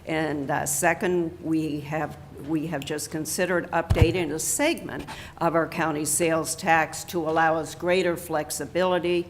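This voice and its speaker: Lady commissioner running a hearing, slow careful reading, bit of noise behind. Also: low-pitched, steady tone. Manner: slow, deliberate reading with fillers. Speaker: county commissioner presiding over a hearing. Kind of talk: formal public hearing. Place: county meeting room.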